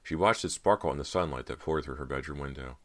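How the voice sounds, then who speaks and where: A man narrating a teen horror audiobook in a measured storytelling manner. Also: rumbling low. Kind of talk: scripted narration.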